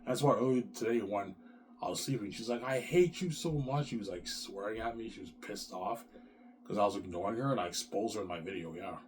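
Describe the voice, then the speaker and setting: Man ranting in a low voice. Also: fast. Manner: profane, repetitive ranting. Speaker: vlogger. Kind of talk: rambling solo vlog.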